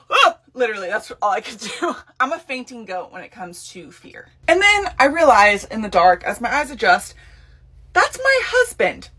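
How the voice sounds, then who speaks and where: A woman tells a story in a casual get-ready-with-me video, and her pitch swoops all over as she goes. Her voice is crisp and bright. She is chatty and dramatic throughout. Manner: animated, expressive storyteller. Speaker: nurse.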